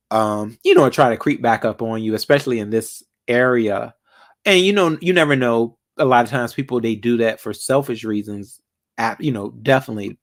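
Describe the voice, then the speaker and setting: A man hosting a casual live chat with callers, laid-back and rambling, with lots of fillers. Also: medium pitch. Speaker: livestream host.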